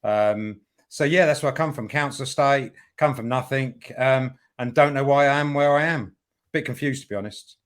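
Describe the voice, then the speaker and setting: A man's voice: mid-range voice, normal speed. A man from Aldershot with a Cockney-like southern English accent, a guest in a casual interview, blunt and plain-spoken, swearing freely. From Aldershot, England. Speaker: guest, builder and journalist.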